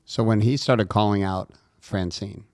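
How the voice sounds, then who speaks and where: A man with a very deep voice, co-hosting a podcast and asking thoughtful questions. He searches for words as he goes, and his recording sounds dry and close. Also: fairly even intonation, measured pace, a little mellow, no echo. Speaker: podcast co-host. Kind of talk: interview questions.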